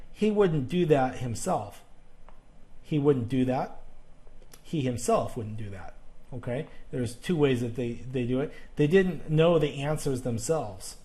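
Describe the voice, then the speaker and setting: A man's voice: medium pitch, warm tone. A man teaching a grammar lesson on video, explaining patiently step by step and often checking in with "okay?".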